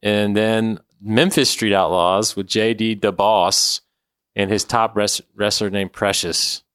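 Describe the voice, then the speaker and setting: A man's voice: on the low side, fairly even intonation, slow pace, a bit bright, clean tone, no echo, clean studio sound. A man, hosting a casual podcast chat, laid-back and joking. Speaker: podcast host, father.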